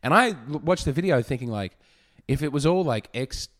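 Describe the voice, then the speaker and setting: A man's voice: mid-range voice, expressive, moderate pace. Rambling man on a podcast. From Australia. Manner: rambling, jokey, daydreaming aloud. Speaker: podcast host and comedian. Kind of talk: casual comedic podcast chat.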